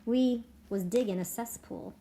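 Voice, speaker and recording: A wary, protective farmhand answers in quick, folksy, defensive bursts, voiced by a woman reading aloud. His voice sits a bit higher and louder than the reader's own. He sounds like he is guarding someone. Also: vocal fry, a little hiss or hum. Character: wary, protective itinerant farmhand, adult man.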